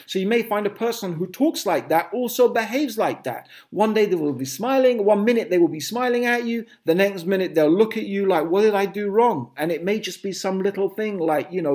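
A man's voice: high-pitched, a little mellow. A man giving a sermon, dramatic and emphatic, reeling off lists of exaggerated phrases. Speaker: Muslim preacher. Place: England.

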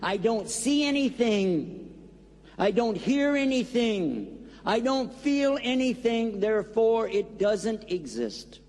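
A man playing a stubborn grown man camped on train tracks, answering in flat, obstinate denials. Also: sits high, takes it slowly, in a large hall, voice pushed up, heavily acted.

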